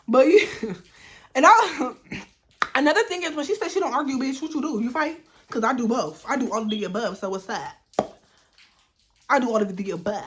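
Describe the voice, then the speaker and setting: A woman's voice: sits high, expressive, normal speed, pauses often, a bit bright, roomy sound. A woman telling a storytime on her vlog, bluntly and profanely retelling a text-message argument in a heated voice.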